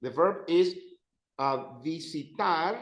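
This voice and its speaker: Guy teaching spanish class, slow and patient, repeats stuff, fairly high voice, echoey room. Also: animated. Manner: patient, repeats phrases for drilling.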